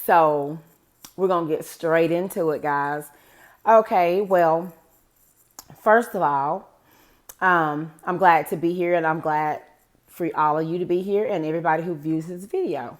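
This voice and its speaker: Speaking on the low side at a measured pace, a forties-aged woman chats to camera about something from her own life. The vlog storytime wanders casually, with plenty of "guys" directed at viewers.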